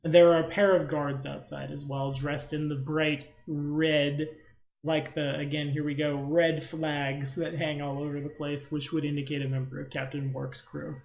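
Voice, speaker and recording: A man's voice: fairly high pitch, level tone, moderate pace, vocal fry, roomy sound. A man running a tabletop game as game master, narrating in a casual, rambling way and teasing the players.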